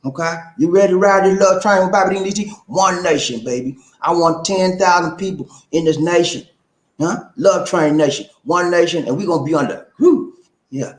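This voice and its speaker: Man, livestream host. Preachy, playful, chants rhyming lines; a bit high-pitched, recorded in an echoey room. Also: animated, a little fast. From South Carolina. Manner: repeats "okay?" and "man" after points. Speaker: relationship advice livestream host. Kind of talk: casual livestream talk.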